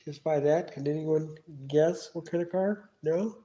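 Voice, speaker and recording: A man's voice: a little high, unhurried, warm tone. A man hosting a casual solo livestream from his garage on a phone camera, rambling and asking absent viewers lots of questions. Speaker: livestream host. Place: home garage.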